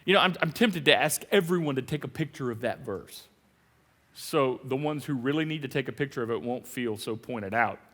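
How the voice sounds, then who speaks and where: A man preaching a sermon as pastor, animated and jokey, with sudden loud emphasis. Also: mid-range voice, brisk, big-room sound. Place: large church hall.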